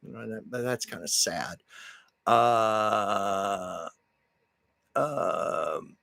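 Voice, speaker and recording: A man hosting a casual live stream, telling rambling anecdotes with frequent ums and pauses. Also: lowish voice, animated, gravelly, pushed and bright, no room sound, clean studio sound.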